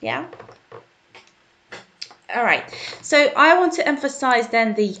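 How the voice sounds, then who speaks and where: A woman's voice: fairly high pitch, lively intonation, unhurried, long pauses, fairly bright tone. A British woman giving an online English grammar lesson in a chatty, friendly teacher's way. She keeps checking in with her viewers while she types out notes as she explains. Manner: chatty, checks in with "okay?" and "guys".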